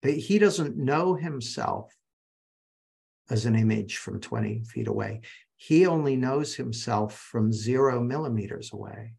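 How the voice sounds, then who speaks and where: Gravelly-voiced man telling stories in a masterclass. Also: mid-range voice, big pitch swings, measured pace, darkish tone. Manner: anecdotal storyteller, addresses audience directly. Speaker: masterclass speaker. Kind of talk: live online teaching talk.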